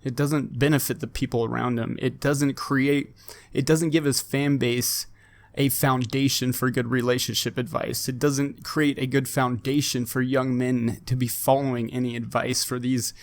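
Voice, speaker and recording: A man's voice: mid-range voice, little pitch movement, moderate pace, no room sound. Emphatic man with a dry, close sound. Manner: emphatic, repetitive, with many restarts. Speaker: fitness channel host. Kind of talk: opinion commentary to camera.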